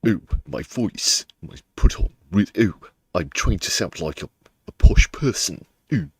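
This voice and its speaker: A man's voice: sits low, animated, unhurried, darkish tone, husky, dry recording, exaggerated voice. A man mocking a posh-voiced woman politician with an exaggerated, cooing posh voice.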